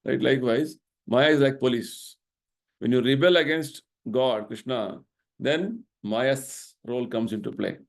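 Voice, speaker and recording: At a temple, a middle-aged man who serves as its vice president gives a devotional spiritual talk in a creaky mid-range voice at a measured pace. He explains his points earnestly and checks in with listeners by asking "right?".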